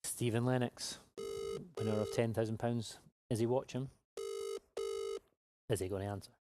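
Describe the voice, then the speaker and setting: A man's voice: medium pitch, fairly even intonation, moderate pace, background noise. Man, live draw host, chatty, upbeat. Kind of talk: casual live-stream chat.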